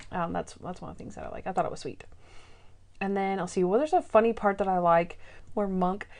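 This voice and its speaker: A woman's voice: medium pitch, fairly quick. Chatty woman podcast host. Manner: animated, quotes scenes in acted voices. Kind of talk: casual recap chat.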